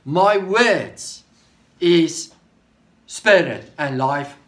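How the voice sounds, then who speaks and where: Slow, lively Afrikaans-accented male preacher. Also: a little high. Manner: slow, emphatic, repeats phrases word by word; points to a board while teaching. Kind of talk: sermon teaching.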